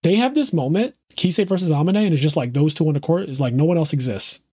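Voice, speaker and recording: A man's voice: a little high, animated, fast, a little mellow, slightly rough, no echo, studio quality. A man co-hosting a podcast in casual chat, enthusiastic and explaining the plot in detail. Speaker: podcast co-host.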